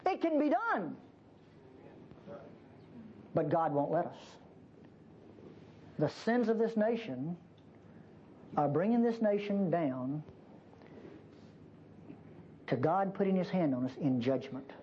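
Older woman preacher, lively sermon delivery, folksy and emphatic, dull lo-fi church recording. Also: slow pace, pauses often, slight background noise. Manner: emphatic, folksy and teasing, with lively pitch swings.

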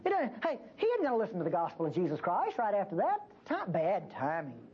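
A woman's voice: mid-range voice, a little fast. A woman teaching a Bible passage to a church group in a conversational way, acting out the prophet's pleas as she explains them. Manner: animated, acts out the prophet's pleas. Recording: dull lo-fi tape with faint hiss.

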